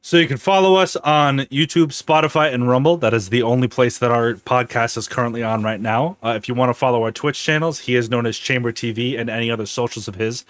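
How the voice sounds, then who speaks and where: A man's voice: medium pitch, quick pace, few pauses, dry recording. A young adult man co-hosting a podcast, joking around casually and swearing freely. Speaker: podcast co-host. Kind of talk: casual chat.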